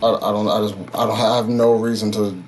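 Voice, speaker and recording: A man's voice: fairly low pitch, flat delivery, fairly quick, background noise. A man chatting casually on a stream, hesitant, trailing off and restarting his thoughts.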